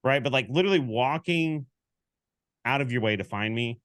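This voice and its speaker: A man's voice: medium pitch, normal speed, no echo. Sports podcast guy rambling through a story, acting out the other people, dry close sound. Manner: animated storyteller, acts out quoted exchanges. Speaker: podcast co-host. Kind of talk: casual sports chat.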